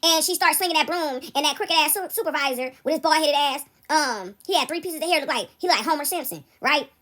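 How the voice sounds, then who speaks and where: A young adult woman telling a casual story to her viewers, animated and often breaking into laughter as she talks to them directly. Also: sits high, fairly quick.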